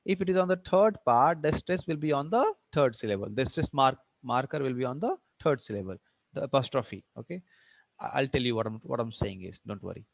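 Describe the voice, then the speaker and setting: A man's voice: mid-range voice, expressive, fairly quick, creaky, no room sound, lo-fi sound. A man with an Indian English accent teaching an English class online. He asks many questions, repeats himself, and mixes in Hindi phrases.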